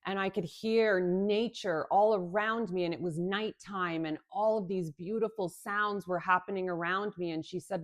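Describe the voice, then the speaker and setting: A woman in her thirties talking warmly and earnestly into the camera from indoors, with soft hesitations. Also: lowish voice, fairly even intonation, moderate pace, hardly any pauses. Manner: earnest and tender, with many soft fillers. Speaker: spiritual healing vlogger. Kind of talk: heartfelt direct-to-camera talk. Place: indoors, filming under a ring light.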